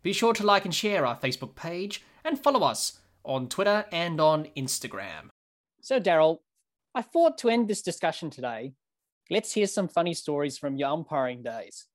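A man's voice: on the high side, big pitch swings, moderate pace, dry recording, clean studio sound. A man hosting a podcast interview, reading out long setups and often addressing his guest by name. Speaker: podcast host.

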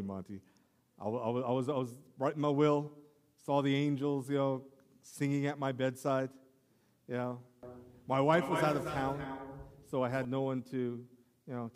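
A male pastor preaching a sermon in a casual, storytelling way with self-deprecating asides and halting restarts. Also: medium pitch, darkish tone. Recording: long hall reverb.

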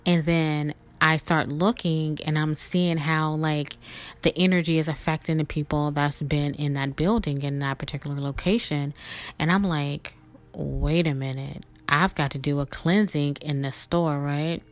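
A woman's voice: sits low, steady tone, a little slow. A young woman hosting a podcast, telling a spiritual story in a chatty, emotional way with laughs and fillers. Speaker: podcast host.

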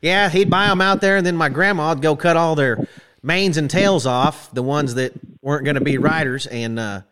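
A man's voice: a little high, normal speed. A man hosting an interview, chatting casually, asking questions and sharing family anecdotes. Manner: relaxed, asks questions, tells family anecdotes. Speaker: podcast host. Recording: loud background noise.

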